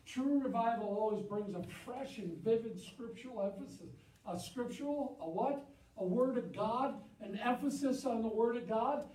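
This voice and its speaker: A man preaching a sermon in a church, impassioned, swinging from loud emphatic peaks to low confiding asides. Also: moderate pace, roomy sound, recorded from a distance, rough recording. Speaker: pastor. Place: church sanctuary.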